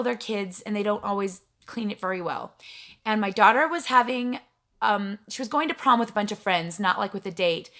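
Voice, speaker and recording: A middle-aged woman vlogs from her home in front of a backdrop, chatting to the camera with a bright, crisp edge to her voice. She rambles along casually and pokes fun at herself. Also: medium pitch. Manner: chatty, rambling, self-mocking. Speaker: vlogger.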